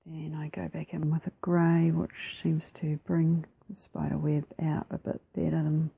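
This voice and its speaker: A woman with a New Zealand accent narrating her craft process over a time-lapse, soft-spoken and relaxed, often slipping into a whisper, a little self-deprecating. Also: low voice, measured pace, vocal fry, breathy edge, rough recording. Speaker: mixed media artist.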